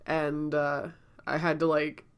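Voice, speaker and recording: A woman's voice: low-pitched, monotone, slow, smooth. A woman telling a casual story-time vlog while sick and out of breath, chatty and rambling, often laughing and coughing between thoughts. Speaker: vlogger.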